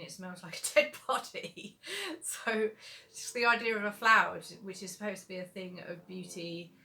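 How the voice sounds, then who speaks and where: Chatty woman with a bright, low voice. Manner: rambling, chatty, with frequent fillers. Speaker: author answering viewer questions. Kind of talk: casual livestream Q&A.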